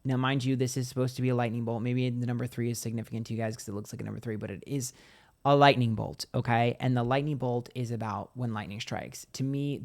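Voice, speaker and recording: A man giving a casual tarot card reading to camera, chatty and profane, acting out little scenes as he goes. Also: medium pitch. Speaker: tarot reader.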